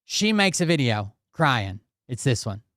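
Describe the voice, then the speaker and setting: Profane, dry-voiced commentary ranter. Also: male voice, mid-range voice, big pitch swings, measured pace, fairly bright tone, no room sound. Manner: profane, repeats "okay?" and "blah, blah, blah". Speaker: commentary channel host. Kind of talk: casual ranting commentary.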